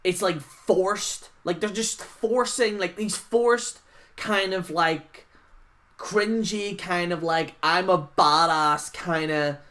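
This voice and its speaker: Speaking slowly in a mid-range voice, a woman delivers an unscripted rant on her wrestling YouTube channel. She's rambling and profane, full of "like" fillers, scoffing at people and imitating them in mocking voices.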